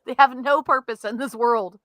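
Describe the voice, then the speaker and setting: Bright chatty Southern woman. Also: fairly high pitch, fairly even intonation, measured pace, no room sound. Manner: chatty, laughs often, drawling "y'all". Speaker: podcast co-host. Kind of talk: casual chat. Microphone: studio mic.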